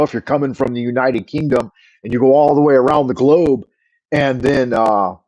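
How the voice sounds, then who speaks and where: A man's voice: mid-range voice, a little mellow, poor audio. A middle-aged man with a Californian accent, rambling and swearing in an opinionated livestream chat. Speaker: livestream host.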